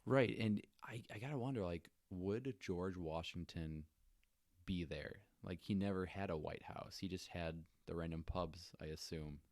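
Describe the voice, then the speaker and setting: Young male podcast co-host, very low voice, dry close sound, casual joking storyteller. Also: measured pace, no room sound. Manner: relaxed, jokey, many fillers.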